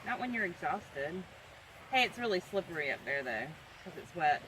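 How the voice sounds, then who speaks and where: A woman's voice: fairly low pitch, big pitch swings, moderate pace, crowd noise, low-quality recording. A mother on an outdoor hike, patiently encouraging and explaining things to her child. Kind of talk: casual family chat. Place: outdoors on a gravel road. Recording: outdoor hike with background noise.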